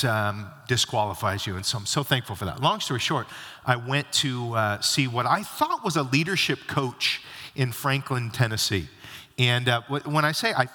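A middle-aged male pastor delivers a sermon in a loose, conversational storytelling manner, slipping into the voices of the people in his story. His tone is bright and forward. The sound carries a long reverb tail from a large church auditorium. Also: medium pitch. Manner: conversational storytelling, acts out quoted dialogue.

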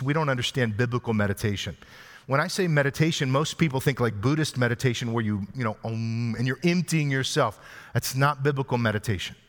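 A male pastor giving an expository sermon in a conversational way, asking the congregation questions as he goes. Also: mid-range voice. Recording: long hall reverb.

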